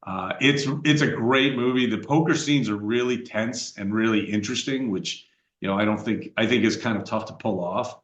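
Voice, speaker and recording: Middle-aged male podcast host, somewhat low voice, relaxed rambling delivery, echoey room. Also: moderate pace. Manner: rambling, conversational, frequent uh fillers and restarts. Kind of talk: casual podcast chat.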